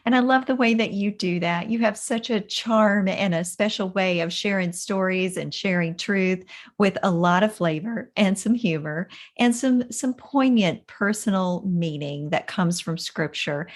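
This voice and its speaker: A woman hosting an interview podcast, asking earnest, appreciative questions. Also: mid-range voice. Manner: earnest, appreciative, faith-focused. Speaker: podcast host.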